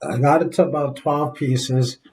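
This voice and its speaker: A man speaking earnestly from his office, telling a reflective personal story as a father in recovery, with pauses along the way. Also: fairly high pitch, fairly even intonation, a little mellow, rough recording.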